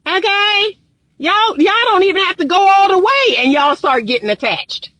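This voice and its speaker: A woman's voice: very high-pitched, lively intonation, moderate pace, a bit bright, dry recording. A woman relationship coach, giving an emphatic live-streamed talk and repeating her points for emphasis. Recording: dry close phone mic.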